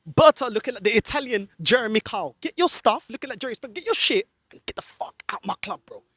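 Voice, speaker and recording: A man's voice: very high-pitched, big pitch swings, quick pace, fairly bright tone, no room sound, studio quality. A man ranting angrily in a football fan vlog, filmed outdoors in a car park by a friend holding the camera, slipping into Portuguese now and then. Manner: angry, ranting, slips into Portuguese. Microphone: camera held by a friend.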